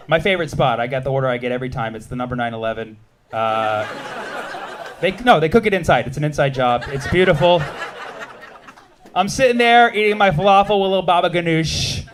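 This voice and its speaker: A man in his thirties, from the United States, doing a stand-up comedy set with quick, animated crowd work on a club stage. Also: medium pitch, a little hiss or hum.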